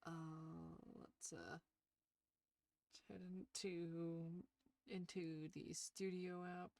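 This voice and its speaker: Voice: mid-range voice, flat delivery, drawn-out words, gravelly, darkish tone, no echo. A gaming video creator with a nasal voice, chatting loosely over gameplay with many fillers and restarts, shy and hesitant. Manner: shy, talks about social anxiety. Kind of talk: casual gameplay commentary.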